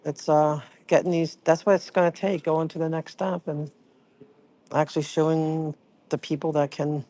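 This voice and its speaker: This is a livestream host in easy, casual chat. The talk rambles and keeps breaking off mid-thought to greet viewers by name. The voice sits at an ordinary middle pitch. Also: level tone, moderate pace, dark tone.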